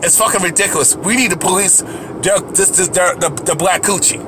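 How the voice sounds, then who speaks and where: A man's voice: high voice, moderate pace, noisy background. A man delivering an angry, profane rant to camera as a video commentator, heated and repetitive, often restarting his sentences.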